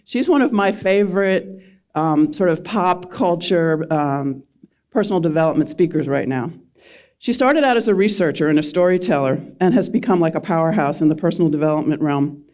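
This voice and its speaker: A woman's voice: fairly low pitch, expressive, normal speed, warm tone. A middle-aged woman from the Philadelphia suburbs giving a public speech to a live audience, joking at her own expense and asking the crowd questions. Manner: self-deprecating, quizzes the audience. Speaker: speaker at a community event.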